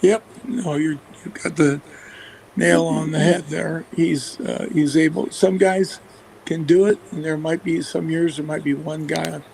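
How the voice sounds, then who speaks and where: A male football coach with a gravelly, somewhat high voice tells rambling stories about his staff, with plenty of fillers and restarts. His pitch stays flat and even, and a faint hiss sits under the recording. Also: a little slow, poor audio. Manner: rambling, many fillers and restarts, chuckles often. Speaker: football coach and play caller. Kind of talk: casual anecdotes in a radio interview.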